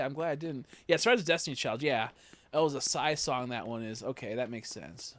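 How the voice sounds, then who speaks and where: A man's voice: mid-range voice, expressive, a little fast, fairly bright tone, no room sound. A young man streaming a game, chatting casually in a rambling, crude and joking way.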